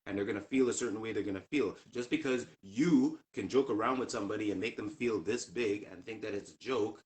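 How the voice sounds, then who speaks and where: A man in a relaxed conversation tells a story animatedly, replaying each exchange as he goes. His voice sits on the lower side. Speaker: co-host. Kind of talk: casual chat.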